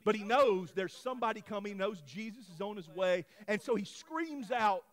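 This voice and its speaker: High-voiced man preaching a sermon. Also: animated, moderate pace. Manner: swings from low storytelling to shouted preaching. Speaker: pastor. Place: church sanctuary.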